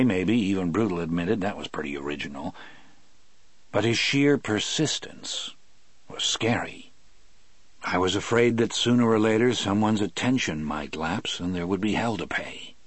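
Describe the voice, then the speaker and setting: A man reading an audiobook aloud in a measured, wry storytelling manner. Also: fairly low pitch, no room sound. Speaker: narrator. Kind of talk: audiobook narration.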